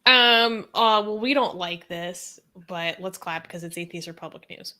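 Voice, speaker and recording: A woman's voice: lowish voice, a little slow, pushed and bright. A woman co-hosting a casual news talk show, dry and teasing, then reading headlines.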